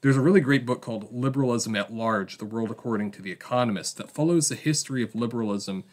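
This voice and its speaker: A man's voice: mid-range voice, fast. A man hosting a political podcast, reading a history segment with explanatory asides. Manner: explanatory, with asides and book recommendations. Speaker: podcast host.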